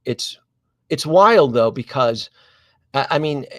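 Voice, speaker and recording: Speaking slowly in a medium-pitched voice with no echo, a man hosting a collectibles live stream tells a long, rambling story. He stays animated and digressive, with frequent restarts and asides to his viewers.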